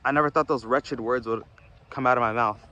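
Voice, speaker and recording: A man's voice: mid-range voice, steady tone, fairly quick, bright, forceful tone, highs cut off, a little hiss or hum. A young man rambling casually in a vlog, slangy and swearing, calling his viewers bro. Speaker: video essayist.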